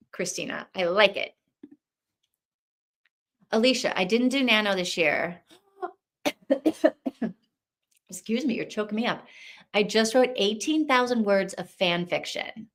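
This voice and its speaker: A woman's voice: a little high, fairly bright tone. A woman hosting a live reading stream, chatting casually and thinking aloud, rambling with restarts. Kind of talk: casual livestream chat.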